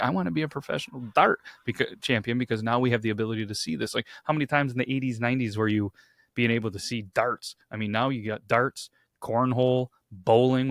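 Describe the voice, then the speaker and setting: A man's voice: mid-range voice, no echo, clean studio sound. A man co-hosting a podcast, chatting casually and imitating sounds as he describes things. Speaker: podcast co-host. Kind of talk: casual chat.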